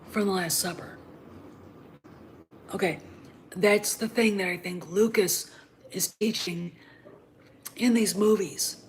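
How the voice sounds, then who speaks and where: A woman host talking alone in an animated, opinionated way, swearing freely and using many fillers. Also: on the low side, slight background noise, rough recording. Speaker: podcast host. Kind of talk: opinionated solo talk.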